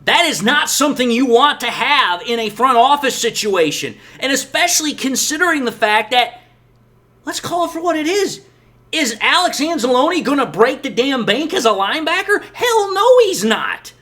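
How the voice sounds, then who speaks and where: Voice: high voice, lively intonation, normal speed, pushed and bright. A sports channel host giving emphatic, exasperated opinion commentary on football. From Detroit area, USA.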